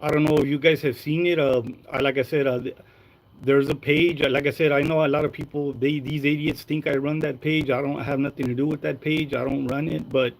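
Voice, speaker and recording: A man's voice: on the high side, flat delivery, a little fast, gravelly, poor audio. Man, casual gossip livestream, crude, rambling, mixes in Spanish slang. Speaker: live-stream host.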